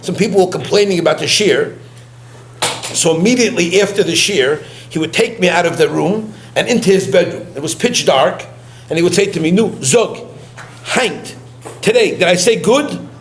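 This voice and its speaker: High-voiced man telling memories in a eulogy. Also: slight background noise. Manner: halting, repeats words, mixes in Yiddish and Hebrew terms. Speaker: eulogist, former student. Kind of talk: eulogy told as personal anecdotes.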